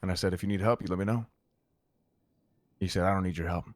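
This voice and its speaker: Man, very low voice, dry sound, heated profane storytelling, roleplay chat. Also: steady tone, fast, dry recording. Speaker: roleplay gang member recounting events.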